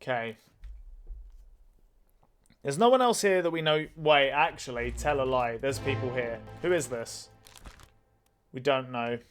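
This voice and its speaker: A man's voice: medium pitch, unhurried, pauses often, faint music behind. A man commenting on a mystery game as he plays, thinking aloud and swearing freely. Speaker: let's play host. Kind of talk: gaming commentary.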